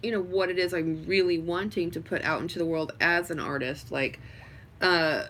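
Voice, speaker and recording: A woman's voice: on the low side, steady tone, normal speed, a bit bright, a little hiss or hum. A woman chatting casually on a home livestream, rambling with lots of fillers. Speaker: vlogger.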